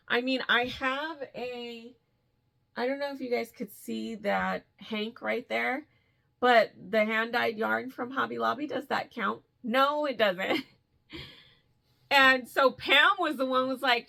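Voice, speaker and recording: A woman vlogging about yarn in a casual, gushing way, laughing easily. Her voice sits a little high and has a gravelly fry in it. She talks straight to her viewers like old friends. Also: measured pace. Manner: excited, gushing, laughs often. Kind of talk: casual chat to camera.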